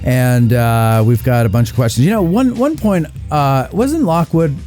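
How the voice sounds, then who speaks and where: A male host talks in loose, joking chat, his voice mellow and warm. He leans on fillers as he goes. A faint guitar plays behind him. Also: mid-range voice, normal speed. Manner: joking, chatty, many fillers. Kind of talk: casual live show chat.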